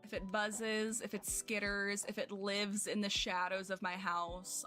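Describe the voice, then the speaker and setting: A woman's voice: medium pitch, flat delivery, measured pace, pushed and bright, faint music behind. A young woman streamer chatting casually with her viewers at home, rambling and self-deprecating with lots of fillers. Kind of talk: casual chat with chat while gaming.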